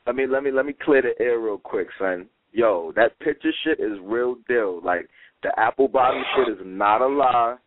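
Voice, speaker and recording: A man's voice: mid-range voice, moderate pace, no room sound. Streetwise New man on a tinny line. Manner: animated storyteller, streetwise slang. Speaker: co-host. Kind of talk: casual call-in talk.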